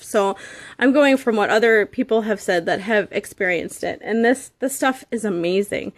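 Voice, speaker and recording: Woman in her thirties, high voice, dry close sound, earnest motivational team talk, halting. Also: no room sound. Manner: earnest, halting, gets emotional. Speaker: direct sales seller.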